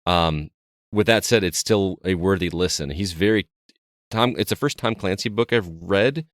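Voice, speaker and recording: A man's voice: low voice, moderate pace, dry recording, clean studio sound. A man co-hosting a podcast, telling a rambling story in casual chat with frequent restarts. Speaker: podcast co-host.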